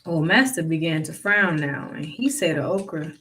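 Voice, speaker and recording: A storyteller reading a folktale aloud in a relaxed, folksy and wry way, then adding a casual sign-off as host of their own show. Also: mid-range voice, moderate pace, recorded from a distance. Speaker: narrator and podcast host.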